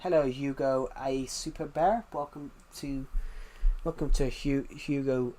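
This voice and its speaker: A British man on a casual live stream, talking at an ordinary mid pitch. He rambles loosely, circles back to repeat the same points, and greets and answers his chat as he goes. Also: steady tone, unhurried, mellow. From United Kingdom.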